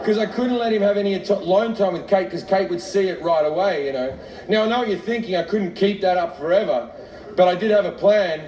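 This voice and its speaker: A man's voice: high-pitched, a little fast, darkish tone, dull audio. A middle-aged man doing a stand-up comedy routine, telling a profane, self-mocking story with laughs. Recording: echoey, distant, noisy live recording.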